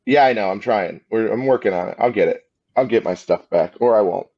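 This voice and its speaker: A man's voice: fairly low pitch, fairly quick, husky. An American man and comedy podcast co-host, chatting casually in a rambling, laid-back way while hungover. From United States. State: hungover, just woke up. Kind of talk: casual chat. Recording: slightly dull lo-fi sound.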